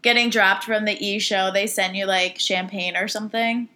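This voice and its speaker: A woman's voice: medium pitch, fairly even intonation, normal speed, sharp tone. A woman co-hosting a podcast who asks the guest questions in an easygoing, casual way. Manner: easygoing, interviewing. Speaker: podcast co-host.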